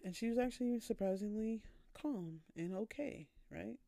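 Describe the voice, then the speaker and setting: A woman hosting her own podcast, telling a candid, rambling story and questioning herself out loud. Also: mid-range voice, moderate pace, gravelly, dry recording. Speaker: podcast host. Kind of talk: casual solo storytelling.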